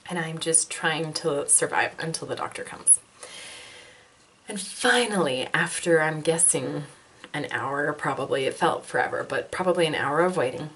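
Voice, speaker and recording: A woman's voice: low voice, a bit bright. A woman, likely in her twenties, telling a candid personal health story with self-deprecating humor and frequent laughter.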